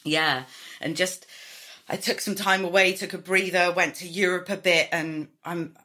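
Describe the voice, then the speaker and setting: A Welsh woman in her thirties, a comedy writer chatting casually and telling animated stories, swearing freely and acting out other people's voices. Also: lowish voice, measured pace. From Wales. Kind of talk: casual chat.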